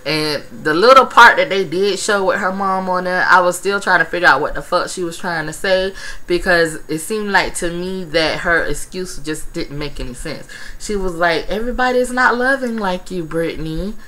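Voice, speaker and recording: A woman's voice: fairly low pitch, moderate pace, bright, forceful tone, rough recording. Blunt, foul-mouthed woman recapping a show. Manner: blunt, profane, gossipy. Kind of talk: casual recap vlog.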